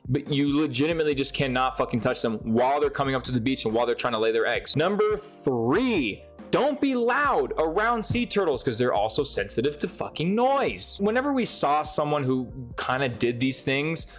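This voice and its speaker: A man's voice: medium pitch, normal speed, soft background music. A young man telling a wild story straight to the camera, swearing freely and getting worked up as he goes. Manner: profane, excitable, lively storytelling. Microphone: speaking to a camera.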